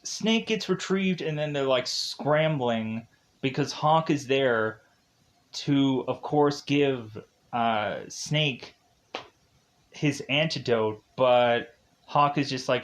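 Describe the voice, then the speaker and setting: A man walks through a film's plot in an unhurried, rambling recap. His delivery is loose and casual, with frequent "like" fillers. His pitch sits in an average range. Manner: rambling, heavy use of "like". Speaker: film reviewer.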